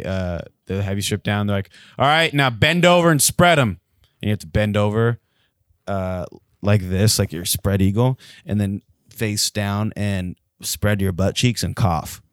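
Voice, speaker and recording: A low-pitched man tells stories in loose, casual podcast chat. He swears freely and gets animated as he talks. The sound is dry and close, with no room around it. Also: clear, resonant tone, no echo. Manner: profane, animated storytelling.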